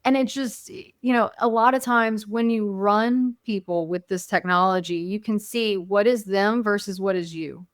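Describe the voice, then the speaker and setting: A woman's voice: medium pitch, normal speed, hardly any pauses, no room sound, clean studio sound. Earnest woman guest telling stories. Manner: storytelling, reflective and earnest. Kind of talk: casual conversation.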